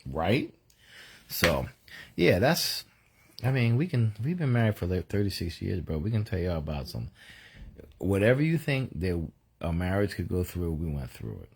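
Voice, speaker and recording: A man's voice: sits low, big pitch swings, breathy edge. A middle-aged man, chatting casually on a live show, joking and laughing as he reads out viewer comments. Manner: joking, laughs often, drawn-out reading aloud. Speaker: co-host of a married couple's live show.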